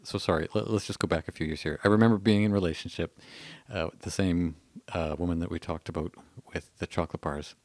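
A Canadian man in his thirties tells a story as a podcast guest, full of ums and restarts. His voice sits low, and he pokes fun at himself as he goes. The sound is close and dry. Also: steady tone, quick pace, few pauses, a little mellow, dry recording. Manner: hesitant, self-mocking. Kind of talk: casual storytelling.

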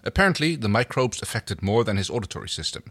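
A man's voice: on the low side, big pitch swings, fast, a bit bright, slightly rough. A man co-hosting a podcast, reading fan fiction aloud in a playful way. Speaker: podcast co-host.

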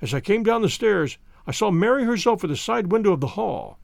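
A man reading a classic story aloud as audiobook narration, in a lively, dramatic manner. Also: high voice, fairly quick, creaky, dry recording. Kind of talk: audiobook narration with character voices.

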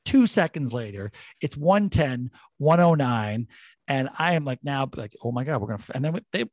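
A man's voice: mid-range voice, lively intonation, moderate pace, dry recording. A man hosting a casual sports podcast, talking animatedly with plenty of swearing and rambling stories. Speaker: podcast host.

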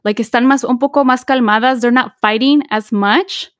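A woman's voice: a little high, steady tone, moderate pace, no echo, clean studio sound. A woman co-hosting a casual podcast chat, a mother of twin girls who slips Spanish phrases into her English. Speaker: podcast co-host.

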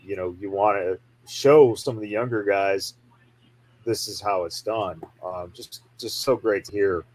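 A man interviewing a guest on a casual podcast, with halting questions full of fillers. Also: fairly low pitch, a little mellow, low-quality recording. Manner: halting, with many fillers and restarts.

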